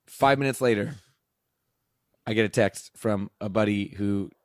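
A man's voice: fairly low pitch, a little slow, dry recording. A man who works as a teacher, casually telling a rambling story and acting out the dialogue, laughing as he goes. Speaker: teacher and podcast host.

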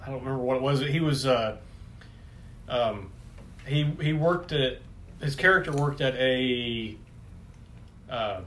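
Halting, tipsy man on a podcast. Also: medium pitch, fairly bright tone, a little hiss or hum. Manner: halting, many restarts and fillers. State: a little tipsy. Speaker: podcast co-host. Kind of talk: casual chat. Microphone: phone.

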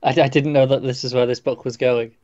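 A man's voice: medium pitch, flat delivery, fast, a little mellow, no echo, highs cut off. A man co-hosting a casual podcast, reacting and joking with his partner. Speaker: podcast co-host. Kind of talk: casual chat.

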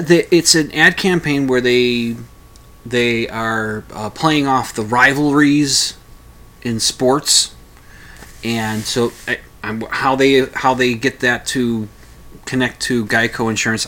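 A man's voice: mid-range voice, bright, forceful tone. A man talking casually at home, telling a story in a rambling, hesitant way with many restarts. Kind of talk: casual spoken commentary.

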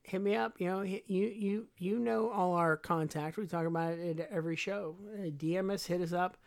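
Rambling, excitable woman co-host. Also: lowish voice, moderate pace. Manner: rambling and enthusiastic, heavy on filler words. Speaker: podcast co-host. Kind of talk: casual chat.

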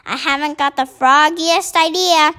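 A woman's voice: sits high, sharp tone. A woman reading as a fearless young pilot. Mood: cheerful. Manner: slow, halting read-aloud.

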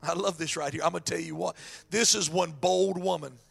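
A man preaching a sermon as pastor, animated, acting out the voices of people in the scripture story. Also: a little high, brisk, gravelly, breathy edge, soft background music.

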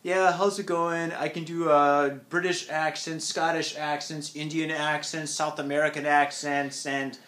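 A man's voice: fairly high pitch, flat delivery, measured pace, few pauses, a bit bright. A man hosting a casual interview, cracking jokes and tossing in quips. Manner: jokey, throws in quips. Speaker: interviewer, host.

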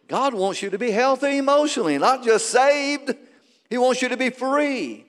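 A man preaching a sermon as pastor, swinging between loud peaks and quiet asides. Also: very high-pitched, animated, normal speed. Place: large church hall. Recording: long reverb of a big sanctuary.

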